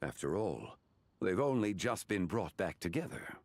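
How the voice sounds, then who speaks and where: Zhongli, a deep solemn ancient god. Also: male voice, big pitch swings, moderate pace, a little mellow, no echo. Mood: warm. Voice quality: deep, solemn, formal diction. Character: ancient dignified god, calm and measured. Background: game music.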